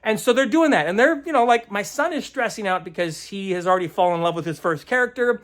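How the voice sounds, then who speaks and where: A man's voice: high-pitched, animated, fast talker, a bit bright. A man who runs tabletop games, recapping a session in a rambling, casual way, searching aloud for words and chuckling often. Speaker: game master.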